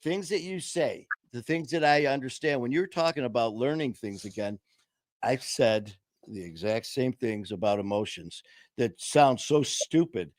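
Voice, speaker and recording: A middle-aged man co-hosting a podcast, talking candidly and earnestly about recovery, mocking himself with quick acted-out quotes. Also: mid-range voice, expressive, dry recording. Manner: earnest, self-mocking, acts out his past self in quotes. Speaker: podcast co-host.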